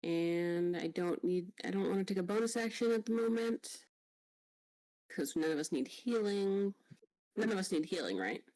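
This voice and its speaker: A woman playing a tabletop game, talking slowly and carefully with hesitations. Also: on the low side, animated, dark tone. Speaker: player.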